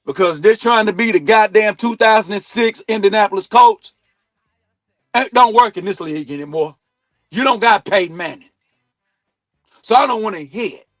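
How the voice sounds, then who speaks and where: A man with a high voice rants about football on his own sports talk stream. He is blunt and profane, and he swings from loud bursts down to low asides. The sound is close and dry, with no room echo. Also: moderate pace, pauses often, faint music behind. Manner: heated, blunt, swears a lot, swings loud and quiet. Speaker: sports talk show host. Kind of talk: profane sports opinion rant. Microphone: streaming mic.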